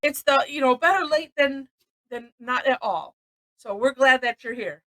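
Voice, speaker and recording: A woman's voice: high voice, normal speed, a bit bright, low-quality recording. A woman from Missouri teaching a live-streamed drawing lesson, chatty and rambling, often laughing between steps.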